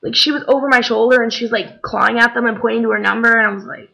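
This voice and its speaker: A woman's voice: a little high, fast talker, creaky, few pauses, bright, forceful tone, poor audio. A young woman casually telling a story to the camera, chatty, with many fillers, acting out what others said. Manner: chatty, many fillers, acts out quoted voices.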